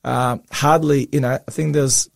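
A man with a hoarse, husky voice talks earnestly and emphatically in a religious discussion. His tone is gravelly with creak, and the recording is dry and close. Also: medium pitch, fairly even intonation, moderate pace, no echo. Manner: earnest, emphatic, with fillers and restarts. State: hoarse, voice coming back after losing it. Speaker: co-host.

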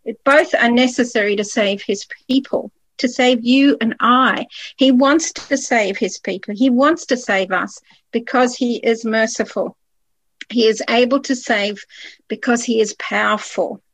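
Higher-voiced woman leading a Bible study. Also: measured pace, breathy edge, no echo, rough recording. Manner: guiding, asks the panel questions. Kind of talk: group Bible study discussion.

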